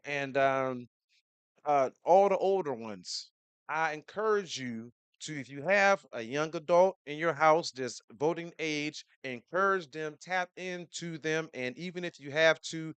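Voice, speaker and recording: A man's voice: a little high, a little slow, a bit bright, smooth, no room sound. A man hosting a podcast in casual chat, laid-back and fond of telling stories, repeating words as he goes. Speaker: podcast host.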